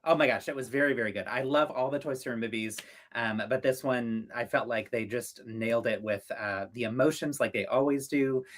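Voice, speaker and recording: A man's voice: mid-range voice, fairly quick, hardly any pauses. A man co-hosting a casual livestream chat, upbeat and chatty with many ums, on a video call setup. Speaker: livestream co-host.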